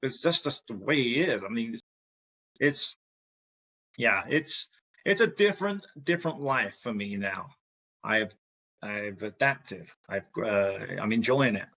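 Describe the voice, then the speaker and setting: A man with a bright, forward voice talks through a podcast chat in a halting, self-deprecating way. He stops and restarts often. The sound is a little muffled and lo-fi. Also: mid-range voice, animated. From England. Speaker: guest.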